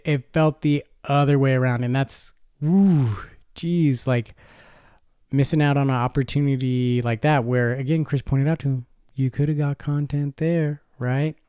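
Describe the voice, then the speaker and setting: A man's voice: medium pitch, a little mellow, clean tone, dry recording, studio quality. A man hosting a fan podcast alone, talking casually and rambling, calling his listeners folks. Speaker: podcast host. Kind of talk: casual solo podcast talk.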